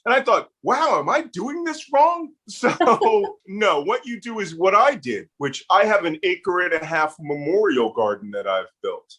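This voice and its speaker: This middle-aged guest with a Philadelphia accent has a high, sing-song voice that sounds pushed, bright and husky. He tells personal stories at a measured pace with few pauses, earnest and heartfelt yet touched with humor, in a casual interview.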